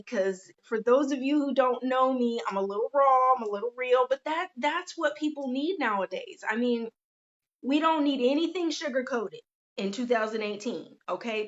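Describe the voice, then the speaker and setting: A woman's voice: fairly high pitch, fairly bright tone. A middle-aged woman, hosting a casual livestream and greeting viewers by name in a down-to-earth way. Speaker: host, life coach. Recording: lo-fi livestream audio.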